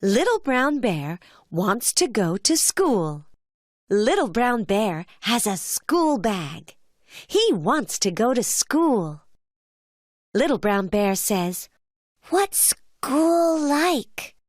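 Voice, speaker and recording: A woman narrating a children's cartoon in a clear, gentle storytelling voice, recorded as a studio voice-over. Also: mid-range voice, big pitch swings, slow, no echo.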